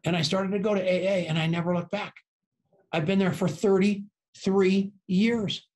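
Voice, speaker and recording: An older man telling lively stories as a podcast guest, acting out the voices of the people in them. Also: high voice, moderate pace. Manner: lively anecdotes, acts out quoted voices. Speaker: podcast guest, business co-founder. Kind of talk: animated storytelling.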